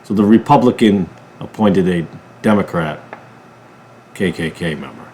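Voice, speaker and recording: A man from a ministry channel giving a political commentary monologue, emphatic, jumping from loud bursts to low mutters. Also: normal speed, slight background noise. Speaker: ministry preacher.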